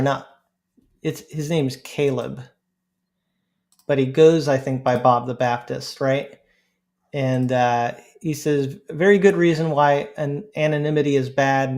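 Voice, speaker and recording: A man hosting a casual panel podcast, chatty and quick to laugh, reading posts aloud. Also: a little high. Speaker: podcast host.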